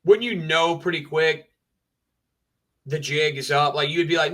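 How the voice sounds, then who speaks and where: A man's voice: on the high side, steady tone, unhurried, pauses often, pushed and bright. A man ranting on a livestream, emphatic and repetitive, talking over and over the same point. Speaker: streamer.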